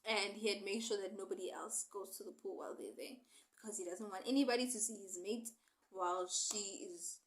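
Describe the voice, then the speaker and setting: A young woman casually retelling a novel for a book review, chatty and animated as she acts out the characters. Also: medium pitch, rough recording.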